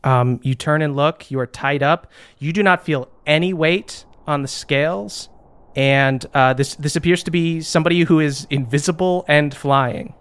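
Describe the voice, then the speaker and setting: A man narrating a tabletop game as game master, describing scenes vividly with quick asides to the players. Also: a little high, smooth. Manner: descriptive, animated narration with frequent laughter.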